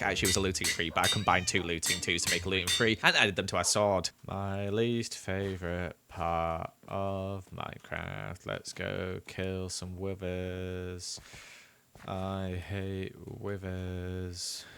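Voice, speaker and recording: A man's voice: medium pitch, sharp tone, a little hiss or hum. A man narrating his gameplay in a voice-over, tired and wry, poking fun at himself. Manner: tired, wry, self-mocking. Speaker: gaming YouTuber.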